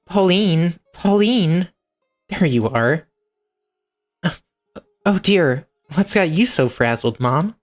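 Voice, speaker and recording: A woman voicing a sweet, cheerful young village girl in a game, speaking brightly and chirpily. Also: on the low side, lively intonation, slow, pauses often, soft background music, voice pushed up.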